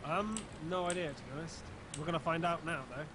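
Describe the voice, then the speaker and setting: A man's voice: a little high, fast talker. A man calling out tactics to teammates in a tank game, teasing them in mock anger. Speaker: gamer teammate on voice chat. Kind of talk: gaming voice chat. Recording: noisy voice chat line.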